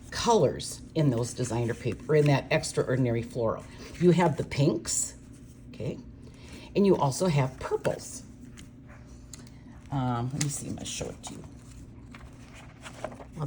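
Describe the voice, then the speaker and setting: A low-pitched older woman talks through a card-making tutorial in a chatty, gushing way. A faint hiss of noise sits behind her voice. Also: a little mellow. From Minnesota, USA. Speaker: craft demonstrator.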